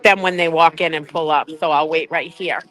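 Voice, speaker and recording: An older woman chatting casually on a live stream from outside a courthouse, animated and quick to laugh. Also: low-pitched, poor audio. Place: outdoors outside a courthouse, crowd nearby.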